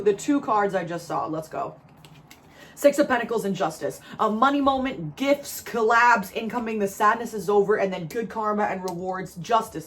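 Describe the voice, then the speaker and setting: Over a slight hiss or hum, a mid-range-voiced tarot reader from New Jersey gives viewers a spiritual reading. She speaks animatedly, laughing frequently and repeating phrases for emphasis.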